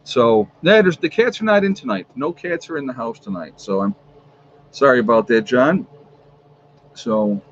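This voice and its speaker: A man's voice: medium pitch, expressive, normal speed, highs cut off, a little hiss or hum. A man hosting a casual home livestream, rambling easily and reading off viewers' locations one after another. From New York. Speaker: livestream host. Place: at home with a fan running.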